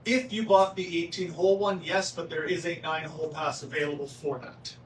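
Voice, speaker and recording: A man talks through a town hall meeting in a casual, joking way and keeps checking in with "right?". His voice sits a little high. He is picked up from a distance in an echoey room with faint background noise. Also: fairly even intonation, a little fast. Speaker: golf course manager presenting at a town hall. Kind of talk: town hall presentation with questions.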